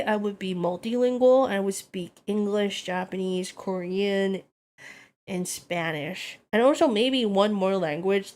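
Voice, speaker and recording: A woman streamer chatting casually, a little tipsy, rambling and reacting to her chat. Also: medium pitch.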